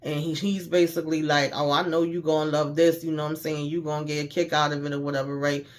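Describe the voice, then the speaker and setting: A man's voice: a little high, little pitch movement, quick pace. A man giving a casual, slangy recap of a TV episode, retelling scenes by quoting the characters with mild cursing. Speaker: TV show recapper.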